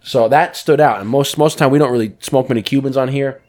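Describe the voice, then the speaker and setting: An enthusiastic man with a mid-pitched voice co-hosts a casual podcast. He talks warmly and keenly as he lays out tasting notes one by one. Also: quick pace. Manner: enthusiastic, describes flavors in detail. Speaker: podcast co-host. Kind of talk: casual chat.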